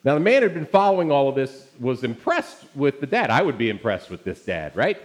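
A man's voice: medium pitch, very animated, fairly quick. A man preaching a Father's Day sermon as pastor, telling stories in a conversational way and turning to the congregation with asides. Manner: conversational storytelling with audience asides.

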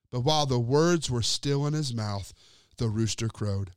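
A man preaching a sermon and retelling a scripture story, talking straight to his listeners and letting his sentences sink to low, quiet endings. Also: moderate pace, clean tone, no room sound, clean studio sound. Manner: addresses listeners directly as friends.

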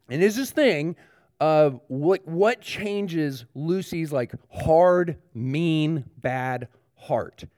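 A man's voice: fairly high pitch, darkish tone, no room sound, clean studio sound. A male pastor giving a children's sermon, asking the kids questions and talking to them directly.

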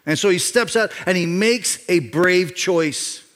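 A middle-aged man preaching a sermon as a pastor, emphatic, repeating key phrases and swinging between loud and quiet. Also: high voice, unhurried. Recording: reverb of a large hall.

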